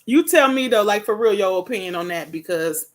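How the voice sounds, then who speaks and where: A young adult woman giving a live tarot reading in a blunt, profane, slangy way, breaking into loud laughter often. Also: medium pitch, animated, fairly quick. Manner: casual slangy talk. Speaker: tarot reader.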